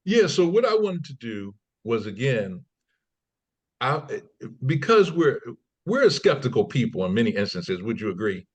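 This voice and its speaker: This podcast guest, a trading company CEO, has a mid-range, slightly rough voice at a normal speed. His casual, animated storytelling features quoted people performed in raised voices, and he often stumbles back to repeat or restart words.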